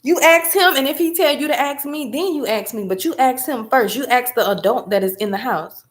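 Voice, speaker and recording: A mother chatting casually as a host, telling a story in an emphatic, animated way. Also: fairly high pitch, a little fast. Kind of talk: casual chat.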